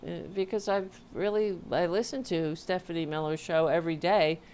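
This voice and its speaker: A woman's voice: fairly low pitch, fairly even intonation, normal speed, darkish tone, a little hiss or hum. A woman hosting her own livestream from home, chatting casually and rambling with self-interruptions, sounding tired. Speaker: host of a livestream show. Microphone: home mic with audio interface.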